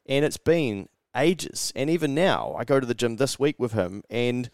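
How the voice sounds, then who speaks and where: Man, New Zealand accent, podcast co-host, swears a lot, acts out quotes, mid pitch, dry close sound. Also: normal speed, creaky, dry recording. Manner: animated storyteller, swears freely, acts out quoted voices. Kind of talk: casual chat.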